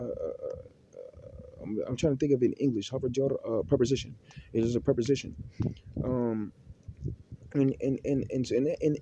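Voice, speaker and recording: Philly guy rambling fast about faith, real dark low voice, keeps restarting and repeating himself. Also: slight background noise. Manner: halting, with many restarts, repeated words and Arabic terms. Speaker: Muslim speaker giving religious advice. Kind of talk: unscripted religious monologue.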